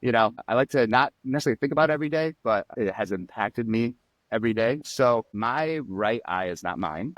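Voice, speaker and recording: A man telling personal stories as a podcast guest, animated and acting out quotes. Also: fairly low pitch, no room sound. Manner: animated storyteller, acts out quotes and sound effects. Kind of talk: storytelling in a podcast interview.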